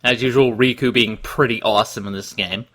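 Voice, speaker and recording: A man giving animated, laugh-filled commentary on a video game, sharing trivia along the way. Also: medium pitch, fairly quick. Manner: animated, giggly, full of trivia. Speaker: let's play co-commentator. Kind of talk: casual gameplay commentary.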